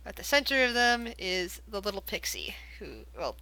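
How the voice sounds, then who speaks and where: A woman narrating as game master of a tabletop game, halting and often repeating words. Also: medium pitch, pushed and bright, clean tone, rough recording.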